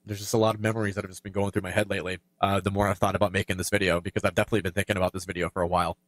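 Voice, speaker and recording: Lowish guy rambling through a personal story, lots of ums, choked up, dry sound. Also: flat delivery, no echo. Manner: halting, emotional, many fillers and restarts. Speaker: longtime YouTuber. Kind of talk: reflective personal talk.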